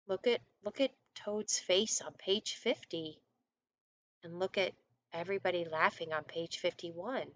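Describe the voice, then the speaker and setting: A woman teacher reading a picture book aloud to first graders in an online lesson, gently asking the children questions. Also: lowish voice, a little slow, no room sound, muffled recording.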